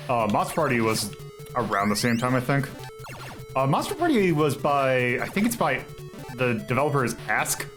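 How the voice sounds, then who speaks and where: A man's voice: mid-range voice, lively intonation, moderate pace, over music. A man hosting a retro game stream, talking casually and rambling, correcting himself and chuckling as he goes. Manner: rambling, self-correcting, chuckles between thoughts. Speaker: streamer host ranking retro games.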